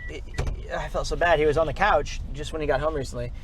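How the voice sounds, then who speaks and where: A man's voice: on the high side, steady tone, fast, slight background noise. A man streaming live outdoors, chatting casually and rambling with frequent restarts. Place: outdoors in a city, by a vehicle.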